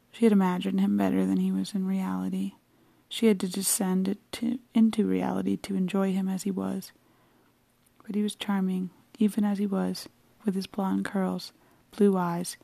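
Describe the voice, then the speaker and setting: Soft-spoken woman reading with a gravelly low voice. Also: no room sound. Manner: soft, often half-whispered, unhurried. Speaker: reader. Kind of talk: reading a classic novel aloud.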